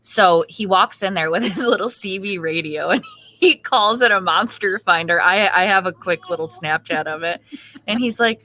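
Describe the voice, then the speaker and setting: A woman in her thirties co-hosting a podcast, telling stories in casual chat and acting out the quotes with lively voices. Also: fairly low pitch, moderate pace. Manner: animated storyteller acting out quotes. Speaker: podcast co-host.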